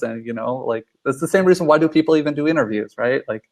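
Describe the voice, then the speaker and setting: A man talks over a video call in casual group chat, coaching another person. He rambles and fills his sentences with constant fillers. His pitch sits in an ordinary middle range. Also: quick pace, a little mellow. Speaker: conference speaker giving advice.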